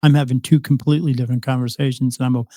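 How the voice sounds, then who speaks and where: A man's voice: mid-range voice, little pitch movement, racing, mellow, no echo, clean studio sound. A man, a psychic medium, telling a long story as a podcast guest, rambling with restarts and acted-out dialogue. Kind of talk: casual interview storytelling.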